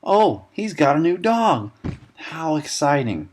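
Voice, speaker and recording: A young man giving a sarcastic, deadpan comedic recap of a film, dropping quick asides and snippets of characters' lines. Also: fairly high pitch.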